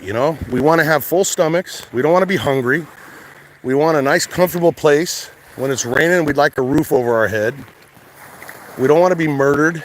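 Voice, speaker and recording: A man's voice: fairly high pitch, a little hiss or hum, low-quality recording. An American man ranting casually and bluntly while out at the shore, swearing a lot and rambling between thoughts. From United States. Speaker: vlogger. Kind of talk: casual outdoor rant to camera. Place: outdoors at a shoreline at high tide.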